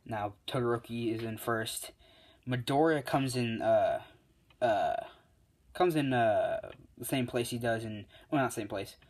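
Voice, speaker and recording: A man talks through a fan-made story in a loose, off-the-cuff way, like a YouTuber chatting to his viewers. He rambles, piles on fillers and keeps correcting himself mid-sentence. His voice sits at an ordinary middle pitch for a man. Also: a little slow, a little mellow.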